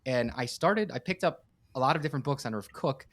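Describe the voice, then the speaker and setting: A man's voice: medium pitch, expressive, a little fast. A man, a podcast guest, telling a personal story in an earnest, heartfelt way with frequent restarts. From United States. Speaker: podcast guest, campus director and startup coach.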